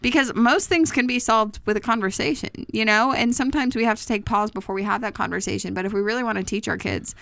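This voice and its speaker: A woman in her thirties, co-hosting a casual parenting chat, chatty and quick to laugh. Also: on the high side, creaky, fairly bright tone. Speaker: podcast co-host.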